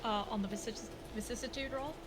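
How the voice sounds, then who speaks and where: A woman's voice: a little high, fairly quick, background noise. A woman player in a tabletop game, talking hesitantly with many fillers. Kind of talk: tabletop role-play.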